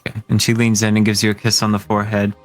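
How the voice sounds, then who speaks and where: A man's voice: on the low side, monotone, rapid-fire. A man narrating a tabletop game as game master, describing scenes hesitantly with fillers.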